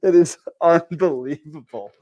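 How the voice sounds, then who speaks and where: A man's voice: on the high side, measured pace, muffled recording. A man with a Texas accent hosting a casual podcast, tired and rambling with many fillers and restarts. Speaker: podcast host.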